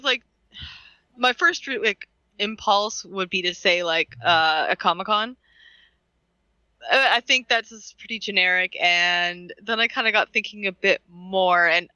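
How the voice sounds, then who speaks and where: A woman's voice: medium pitch, pushed and bright, dry recording, dull audio. A woman co-hosting a podcast, rambling with lots of fillers and giggles. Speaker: podcast co-host. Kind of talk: casual podcast chat.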